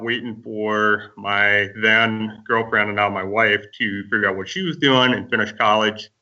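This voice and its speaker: A man from Minnesota, a podcast guest, telling his story in a relaxed, rambling way with lots of fillers. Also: lowish voice, far from the mic, lo-fi sound.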